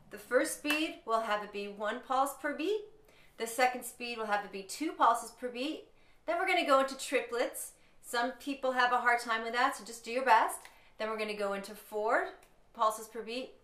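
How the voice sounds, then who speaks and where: Bright-voiced woman teaching rhythm in an echoey room. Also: fairly high pitch. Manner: counts beats and chants syllables aloud. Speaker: music teacher. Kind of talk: rhythm lesson.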